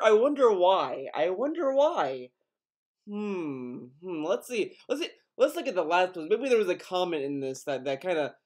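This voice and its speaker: A man's voice: sits high, a little mellow. A young man giving mocking, profane and exasperated commentary. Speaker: commentary youtuber. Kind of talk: sarcastic commentary.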